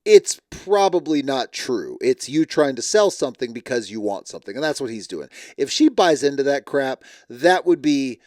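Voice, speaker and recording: A man's voice: medium pitch, very animated, normal speed, hardly any pauses, a little mellow, no room sound, clean studio sound. A man hosting a reality TV recap, commenting in a blunt, sarcastic, exasperated way. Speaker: show recap host.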